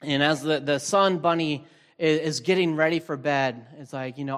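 A man with a slightly high voice speaks as a pastor from the front of a large, reverberant hall. His sermon is casual and searching, full of small fillers and restarts. Each phrase rings out in a long tail of reverb. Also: normal speed. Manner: relaxed, thinking aloud with frequent fillers and restarts. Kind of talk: conversational sermon.

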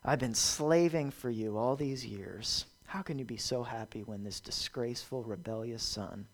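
Brief: male preacher doing a sulky older brother, low and grumbling, bitter. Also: normal speed, close to an everyday voice. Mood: resentful. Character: resentful older brother, young man, bitter.

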